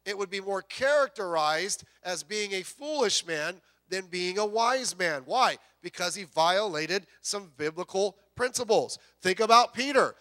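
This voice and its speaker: A man preaching a sermon, emphatic, with rhetorical questions and drawn-out key words. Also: high-pitched, lively intonation, sharp tone. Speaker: pastor.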